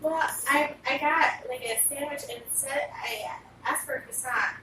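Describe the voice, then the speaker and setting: A woman's voice: high-pitched, moderate pace, sharp tone, a little hiss or hum, poor audio. A woman complaining wryly about her food in casual chat, with casual swearing.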